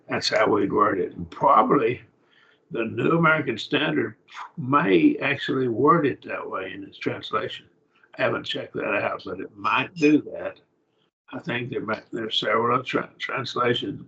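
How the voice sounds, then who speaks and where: A man teaching a Bible Greek grammar class over a video call, explaining slowly and asking his students questions. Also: fairly low pitch, sharp tone. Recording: dull lo-fi call audio.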